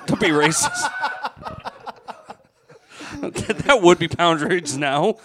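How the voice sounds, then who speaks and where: Host, teasing, laughs a lot, slightly high voice. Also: male voice, big pitch swings, slow, background noise. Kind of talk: casual comedic chat.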